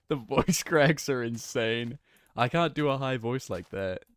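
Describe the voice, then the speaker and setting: A man's voice: mid-range voice, lively intonation, takes it slowly, smooth, no echo. A young man streaming a game, chatting casually and laughing, flustered and rambling. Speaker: gaming streamer.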